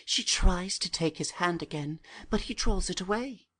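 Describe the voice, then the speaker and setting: A woman narrating the stage directions of an audiobook drama in a plain, measured way. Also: fairly low pitch, fairly bright tone, husky.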